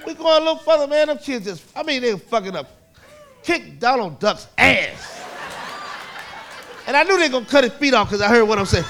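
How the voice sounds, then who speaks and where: A man on a comedy stage tells a story in a very high, bright, forceful voice with a gravelly edge. He talks loud and profane, jumping into voices as he goes. Faint crowd laughter and room noise sit behind him in a live club recording. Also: very animated, a little fast. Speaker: stand-up comedian. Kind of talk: stand-up storytelling. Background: audience laughing.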